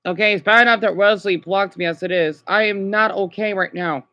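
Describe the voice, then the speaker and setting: Here a man vlogs live from home, rambling without a script in a high voice over lo-fi audio. He sounds upset and exhausted, speaking haltingly, repeating himself and tacking "okay?" onto his lines.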